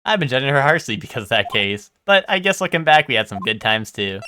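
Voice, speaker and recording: A man's voice: medium pitch, very animated, quick pace, sharp tone, slight background noise. A man chatting casually to his viewers while streaming a video game, rambling and asking them questions. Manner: chatty, rambling, talks to chat.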